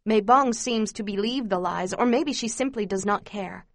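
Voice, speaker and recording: A woman giving steady, measured first-person narration of a memoir as an audiobook reader. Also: mid-range voice, no room sound, clean studio sound.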